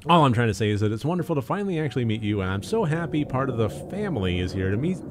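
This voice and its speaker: Bubbly young woman cleaner, high and gushing, quick to chatter; a man voices her. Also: big pitch swings, a little hiss or hum, natural voice. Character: chipper, over-eager young woman housecleaner.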